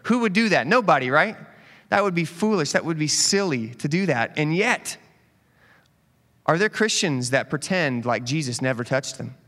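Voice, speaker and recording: A man with a somewhat high voice preaching a relaxed sermon, throwing playful asides to his congregation. His voice rings out in a church hall with long reverb. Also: moderate pace. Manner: animated, joking asides to the congregation. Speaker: pastor. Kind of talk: conversational sermon.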